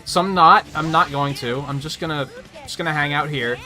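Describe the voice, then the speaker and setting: A man's voice: on the high side, a little fast, sharp tone. A young man giving casual gaming commentary on a stream, opinionated and swearing freely as he rants. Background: game music.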